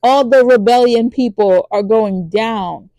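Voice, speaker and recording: A woman hosting a podcast who recaps a TV drama in a casual, animated way, with lots of fillers and acted-out lines. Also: measured pace, dry recording. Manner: acts out characters' lines in high voices. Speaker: podcast host reviewing a TV drama.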